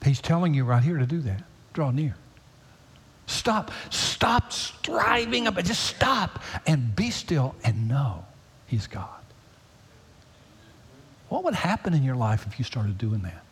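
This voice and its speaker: A man preaching a sermon as pastor, swinging from loud, high pleading to hushed near-whispers. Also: big pitch swings, slow pace, pauses often, husky. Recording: long hall reverb.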